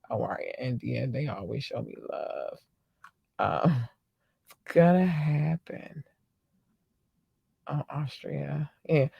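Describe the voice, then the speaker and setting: A woman's voice: a bass voice, vocal fry, no room sound. Effusive woman podcast host, dry sound. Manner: effusive, gushing shout-outs to listeners; chatty with frequent ums and slang. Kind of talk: casual solo podcast chat.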